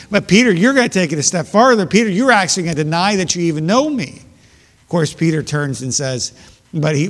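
A man delivers a sermon, moving between slow readings of old scripture and plain explanation. He speaks earnestly, repeating words as he builds each point. His voice sits a little high and carries a long hall reverb. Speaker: preacher.

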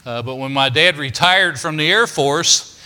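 A man's voice: on the high side, unhurried, sharp tone. An older man, preaching a storytelling sermon in a folksy, homespun way, with many "uh" fillers. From Kentucky, United States. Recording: long reverb of a large hall.

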